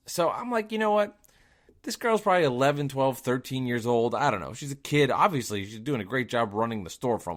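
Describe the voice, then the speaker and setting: A man telling a story on his own podcast in a worked-up monologue. His voice sits in an ordinary middle range. He fires off rhetorical questions and swings from loud outbursts to quiet, muttered asides. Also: mid-range voice. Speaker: podcast host and delivery driver.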